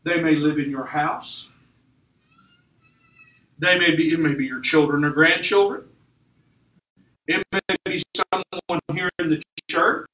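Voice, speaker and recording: A man's voice: a little high, unhurried, pauses often, pushed and bright, highs cut off, a little hiss or hum. A man preaching a sermon in a church, with emphatic delivery that rises and falls. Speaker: pastor. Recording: echoey church room from far off.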